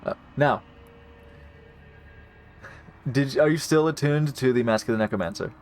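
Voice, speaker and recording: A man's voice: mid-range voice, measured pace. A man running a live tabletop game as dungeon master, talking in a rambling, laid-back way with lots of fillers.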